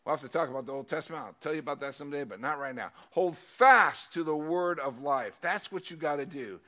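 Male preacher, high-pitched voice, casual sermon delivery, swings from loud emphasis to soft asides. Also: lively intonation, a little fast.

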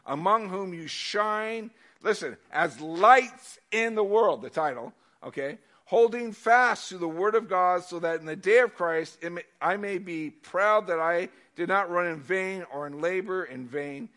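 Male preacher, high-pitched voice, casual sermon delivery, swings from loud emphasis to soft asides. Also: a little slow, hardly any pauses.

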